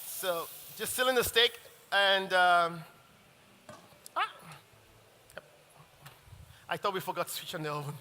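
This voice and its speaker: Man chef, high voice, rambling demo patter, echoing hall. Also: lively intonation, measured pace, pauses often, bright, forceful tone. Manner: chatty and rambling, often restarts sentences. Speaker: chef teaching a cooking masterclass. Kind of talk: live cooking demonstration. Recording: long reverb of a large hall.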